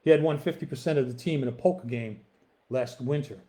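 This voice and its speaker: Guy reading his own book aloud, first person, relaxed, bit of um and uh up front. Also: mid-range voice, brisk. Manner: relaxed, with fillers in the intro. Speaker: author reading his novel.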